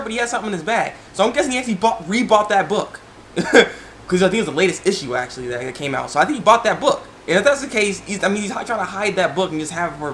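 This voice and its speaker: An excitable young man talks through an anime episode in a casual, rambling way, full of fillers and restarts. His voice sits a little high. A faint hiss runs under the recording. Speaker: anime reviewer. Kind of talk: casual video review.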